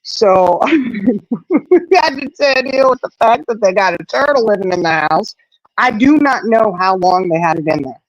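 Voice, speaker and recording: Animated woman telling a story. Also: medium pitch, measured pace, no room sound, muffled recording. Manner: animated storyteller, acts out quotes. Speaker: host. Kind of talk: casual chat.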